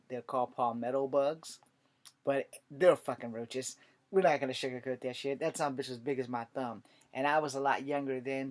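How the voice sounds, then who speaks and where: Profane animated storyteller man. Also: mid-range voice. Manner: profane, animated, swings loud and quiet. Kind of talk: casual storytelling vlog.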